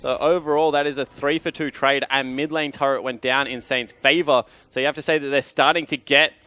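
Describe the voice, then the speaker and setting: A man's voice: medium pitch, fairly quick, smooth, no echo. A man giving casual, analytical color commentary on an esports match. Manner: relaxed analytical, casual fillers.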